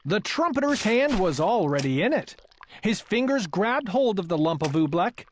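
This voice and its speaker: A woman reading a children's picture book aloud in a lively, expressive storytelling manner. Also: mid-range voice, moderate pace, a little hiss or hum. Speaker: storybook reader.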